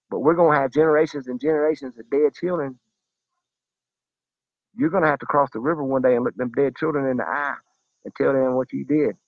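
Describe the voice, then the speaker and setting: This vlogger's voice is a little high as he addresses his viewers in a heated, preachy, profanity-filled monologue to camera. The audio is dull and has no echo.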